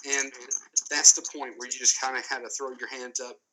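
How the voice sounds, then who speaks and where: A man's voice: mid-range voice, level tone, brisk, bright, forceful tone, low-quality recording. A man being interviewed on a casual podcast, talking emphatically, repeating phrases and restarting often. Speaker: guest commentator.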